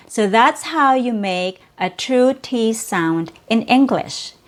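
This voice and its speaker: With a slightly high, animated voice, a woman whose first language is Cebuano teaches English pronunciation. She keeps the lesson slow and clear, repeating sounds and words for the learner.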